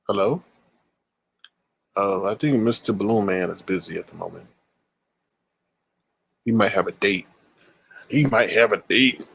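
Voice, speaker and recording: A man's voice: fairly low pitch, unhurried, gravelly, pauses often, a bit bright, slightly rough. A man hosting a casual live chat, playful and teasing. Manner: playful, teasing, makes bird calls. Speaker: host.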